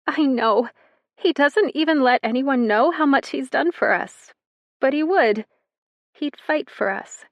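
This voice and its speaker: A woman voicing a crying young teenage girl with a watery, hoarse voice. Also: sits high, unhurried, no room sound, lo-fi sound, pitched above the performer's own voice. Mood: earnest.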